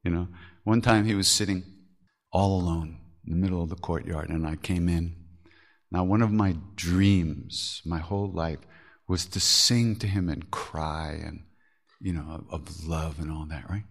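A man with a gravelly, fairly low voice tells stories on his podcast. He talks frankly and earthily, throwing in curses and laughing at his own foolishness. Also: steady tone, unhurried. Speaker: podcast host telling spiritual stories. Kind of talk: candid storytelling talk.

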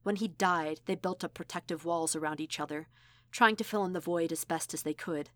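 Woman narrator, measured audiobook read, low voice, dry sound. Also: a bit bright, no room sound. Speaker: audiobook reader. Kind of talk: audiobook narration of fan fiction.

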